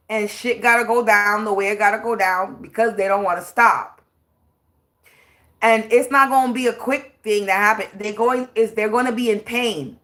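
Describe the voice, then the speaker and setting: Ranting on her livestream, a woman who works as a spiritual reader preaches bluntly and swears freely, drawing words out to hammer her points. Her pitch is medium, with a slightly bright quality.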